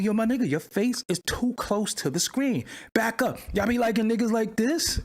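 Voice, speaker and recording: A man hosting a livestream in casual talk, loud and animated, swinging between excited exclaiming and low muttering. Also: brisk, few pauses. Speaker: livestream host. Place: home studio at his screen.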